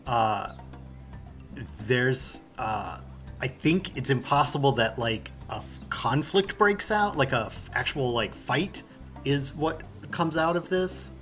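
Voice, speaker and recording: A man narrating a tabletop game as game master, halting and searching for his words. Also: medium pitch, a bit bright, soft background music.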